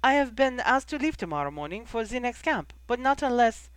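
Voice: mid-range voice, sing-song, fairly quick, a bit bright, clear, resonant tone, no room sound, pitched above the performer's own voice. A reader voicing a haughty, imperious young woman who speaks in formal, clipped phrases.

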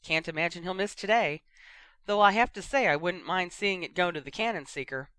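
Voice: mid-range voice, brisk, clean tone, dry recording, lightly acted. A reader voicing a cheeky young male commentator calling a match in an audiobook. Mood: excited. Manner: brash, excitable. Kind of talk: audiobook reading.

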